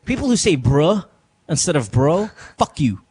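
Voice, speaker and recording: A man's voice: fairly high pitch, very animated, moderate pace, darkish tone, breathy edge, no room sound. A man hosting a podcast, ranting with fiery energy and constant swearing in casual banter. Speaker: podcast host.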